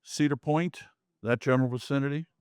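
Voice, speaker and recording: A man's voice: mid-range voice, steady tone, fairly quick, a little mellow, clear, resonant tone, dry recording, studio quality. A man giving a casual slide talk about his photographs to a small audience, chatty, with folksy asides and jokes. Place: community meeting room.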